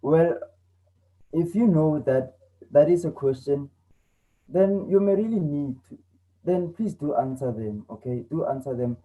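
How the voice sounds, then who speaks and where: A man's voice: on the high side, expressive, a little slow, long pauses, dark tone, low-quality recording. A man teaching an online English lesson, explaining patiently and repeating himself with a lot of "okay". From South Africa. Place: home.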